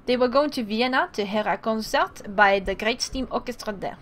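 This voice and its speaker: A woman's voice: on the high side, normal speed, a little hiss or hum. A woman streamer reading the story text of a game aloud, with chatty asides in between. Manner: reads narration, then breaks off into excited asides. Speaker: let's play streamer.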